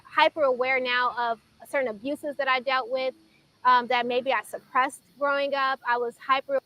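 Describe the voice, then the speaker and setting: Bright-voiced woman telling an emotional testimony. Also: high voice, rough recording. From Chicago. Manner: earnest, emotional storytelling with pauses. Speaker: guest sharing her testimony. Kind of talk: personal testimony in a faith talk.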